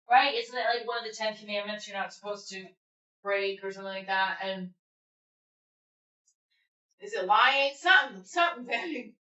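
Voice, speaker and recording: A woman's voice: mid-range voice, fairly even intonation, normal speed, long pauses, bright, forceful tone. A woman hosting a casual livestream chat with viewers, candid and rambling, swearing freely. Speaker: livestream host. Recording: echoey room, slightly dull audio.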